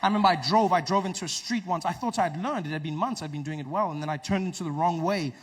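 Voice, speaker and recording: A man telling stand-up comedy stories in an animated way, often jumping into character voices. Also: high voice, fast.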